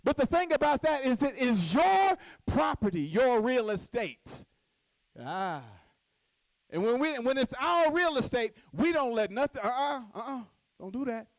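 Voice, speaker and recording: A woman's voice: sits high, very animated, measured pace, no room sound, poor audio. A woman giving a motivational speech from a podium at a conference, acting out little scenes and quizzing the audience. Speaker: conference speaker. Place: stage at a podium.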